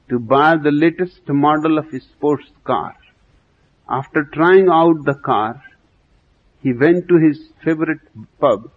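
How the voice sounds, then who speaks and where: A man giving a spiritual talk, slow and emphatic, asking rhetorical questions. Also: fairly high pitch, husky, muffled recording. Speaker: spiritual teacher. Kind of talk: lecture.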